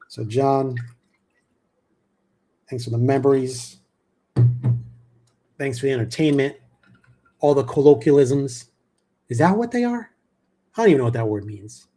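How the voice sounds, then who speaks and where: A man's voice: mid-range voice, expressive, a little slow, long pauses, noisy background. A middle-aged man from the New York area hosting a casual sports talk show, chatty, with many fillers and repeated words.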